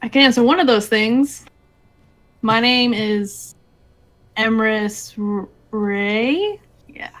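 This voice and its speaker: A woman's voice: on the high side, takes it slowly, pauses often. A woman playing a tabletop game, answering in short, dry, hesitant lines. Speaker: tabletop player.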